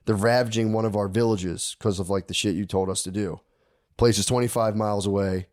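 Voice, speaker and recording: A man's voice: on the low side, steady tone, fairly quick, darkish tone. A man on a podcast telling a history story in casual, profane slang, acting out the characters' lines.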